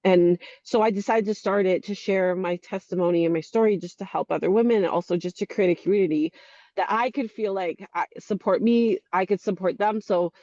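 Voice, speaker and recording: A woman's voice: mid-range voice, steady tone, fairly quick, dark tone, dry recording. A woman in her forties from Canada, a guest in a casual interview, rambling with many "like"s and restarts. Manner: rambling, heavy use of "like", frequent restarts. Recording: dull dry lo-fi sound.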